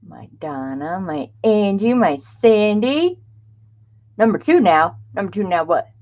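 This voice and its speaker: A woman's voice: medium pitch, very animated, a little slow. Woman, middle-aged, craft live-stream host, chatty, laughs a lot, dull lo-fi sound. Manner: chatty, laughs often, greets viewers by name. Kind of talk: casual live-stream chat.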